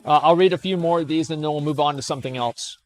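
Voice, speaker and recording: A man's voice: on the high side, quick pace. A young man streaming casual commentary as he reads forum posts aloud, blunt and scornful, swearing, stammering and restarting.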